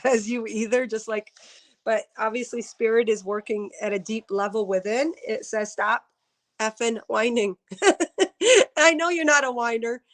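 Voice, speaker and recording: A woman's voice: fairly high pitch, fairly bright tone. Chatty woman giving live-stream readings. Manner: chatty, talks to viewers by name, laughs often. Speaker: intuitive reader on a live stream.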